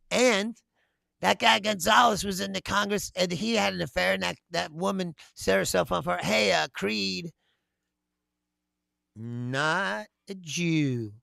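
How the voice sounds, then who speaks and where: A man's voice: high voice, animated, a little slow, gravelly, bright, forceful tone, no room sound. A man hosting a political commentary show, talking bluntly with lots of swearing and frequent laughter. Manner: laughs often, blunt and profane. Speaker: host.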